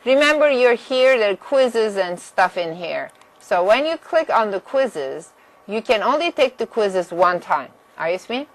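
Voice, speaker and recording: A woman's voice: medium pitch, big pitch swings, a little slow, low-quality recording. A woman math instructor giving a course orientation lecture, direct and firm about deadlines.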